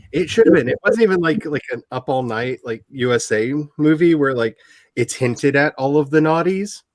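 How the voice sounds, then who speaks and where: A man in his forties hosts a casual chat, telling animated stories, laughing often, and acting out quotes. His voice is a little high, and there's no room sound.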